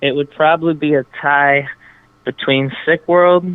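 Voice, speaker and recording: A man's voice: on the high side, steady tone, unhurried, clean tone, no echo. Male rapper on a dry phone line. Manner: enthusiastic, swears casually. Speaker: rapper being interviewed. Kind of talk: casual radio interview.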